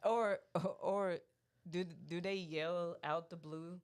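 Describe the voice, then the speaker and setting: Slow-talking woman telling casual anecdotes. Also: lowish voice, steady tone, a little mellow, clean tone. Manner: loose, profane anecdotes. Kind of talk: casual chat.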